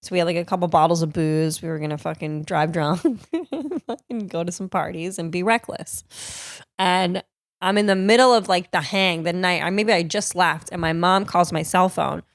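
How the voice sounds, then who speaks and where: A woman's voice: fairly low pitch, normal speed, dry recording. A woman from Cape Cod hosting her own podcast, telling stories in a casual, profane, laughing way into a close mic. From Cape Cod, Massachusetts. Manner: profane, laughing, animated storyteller. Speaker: podcast host and comedian. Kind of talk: casual storytelling.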